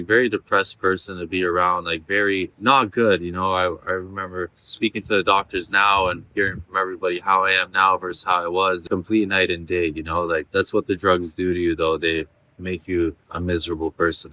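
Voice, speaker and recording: Deep-voiced guy in his 30s, bright forceful tone, rambling earnest testimonial, lots of you know and like. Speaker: former patient giving a testimonial. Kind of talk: candid personal testimonial.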